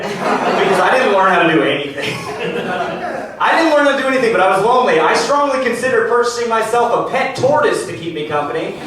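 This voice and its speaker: A young man working a comedy club stage in a casual, self-mocking tone. His voice sits fairly high and moves with a lively, bouncing pitch. The sound is roomy and distant, picked up by a far-off mic, with crowd laughter around it. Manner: casual, conversational, self-deprecating. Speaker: stand-up comedian. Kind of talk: stand-up comedy set.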